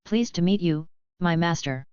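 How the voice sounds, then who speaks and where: A woman voicing an emotionless female doll robot in a flat, mechanical monotone, as part of an audiobook reading. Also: lowish voice, moderate pace, clear, resonant tone, no echo, muffled recording, lightly acted.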